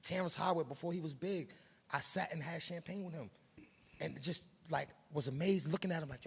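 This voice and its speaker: Middle-aged Harlem man, New York accent, gravelly and husky, emphatic streetwise interviewee. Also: a little high, brisk. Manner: streetwise, preachy, emphatic with slang. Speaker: production company head. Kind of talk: interview, casual monologue.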